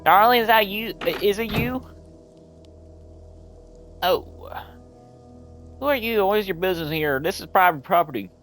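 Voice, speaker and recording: A man voicing a guarded middle-aged woman on a farm, reading game dialogue in a high put-on voice. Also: measured pace, long pauses, fairly bright tone, soft background music. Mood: suspicious. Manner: high falsetto, curt and guarded.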